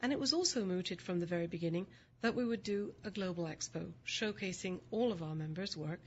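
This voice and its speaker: A woman guest with a mid-Atlantic accent blending British and Philadelphia tones, speaking in a low, composed and articulate way. The recording is dull and lo-fi, with faint noise underneath. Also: brisk. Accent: mid-Atlantic, mixed British and Philadelphia. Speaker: executive director, guest. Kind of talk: interview answers.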